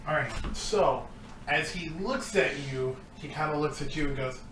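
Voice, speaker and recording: A man's voice: on the high side, moderate pace, recorded from a distance. A man narrating a tabletop game as dungeon master, laughing often as he tells the story. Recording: echoey room with noise.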